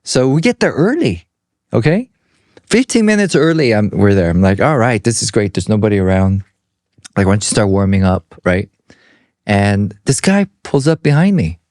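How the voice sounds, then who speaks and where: Middle-aged male podcast co-host, lively swooping delivery, casual anecdote style, dry close sound. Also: on the low side, moderate pace, dry recording. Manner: animated storyteller who acts out other people's voices. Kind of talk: casual storytelling chat.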